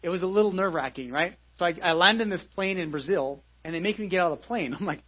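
Husky high-voiced guy preaching fast, keeps repeating himself, muffled church audio. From United States. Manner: conversational preaching with many restarts and repeated phrases. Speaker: pastor. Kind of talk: live sermon.

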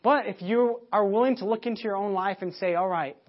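A man preaching a sermon, telling a family story with many restarts and repeated words, and getting loud when he acts out shouting. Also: high-pitched, a little fast, highs cut off. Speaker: pastor.

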